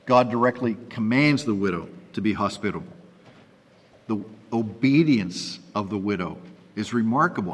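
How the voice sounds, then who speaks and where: A man's voice: lowish voice, sing-song, moderate pace, a bit bright. A man giving a sermon and reading scripture aloud, breaking off for conversational asides to his listeners. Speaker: preacher teaching from scripture. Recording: long reverb of a hall.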